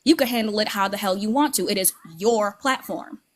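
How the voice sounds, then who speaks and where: A woman's voice: mid-range voice, brisk. A woman guest on a casual online panel, talking in a sassy, playful and candid way.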